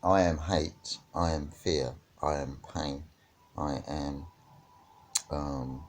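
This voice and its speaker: A man's voice: a bass voice, steady tone, slow pace, a little hiss or hum. A man teaching about witchcraft and spirituality in a reflective discussion, often checking in with "right?" and "yeah?".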